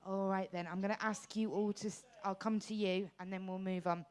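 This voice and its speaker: Woman, discussion facilitator, friendly, encouraging, mid-pitched. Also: little pitch movement, brisk. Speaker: workshop facilitator.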